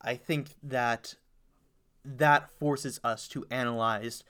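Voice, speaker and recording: A man's voice: medium pitch, steady tone, slow pace, bright, forceful tone, smooth. A man co-hosting a casual podcast chat, thinking aloud and correcting himself as he goes. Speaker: podcast co-host.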